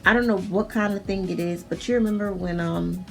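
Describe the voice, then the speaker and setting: A young woman with a New York accent spins a story to her viewers in a loose, rambling way. She swears freely, stacks up "like" and restarts her sentences, her voice at an ordinary middle pitch. Soft music plays behind her. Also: fairly quick, vocal fry. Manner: chatty, profane, lots of "like" and restarts. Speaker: vlogger. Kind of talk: casual storytime. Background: faint music.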